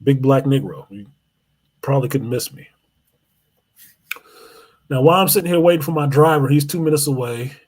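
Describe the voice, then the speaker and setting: A man hosting a live show, telling a long, profane story in an animated way. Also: medium pitch, moderate pace, long pauses. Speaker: host.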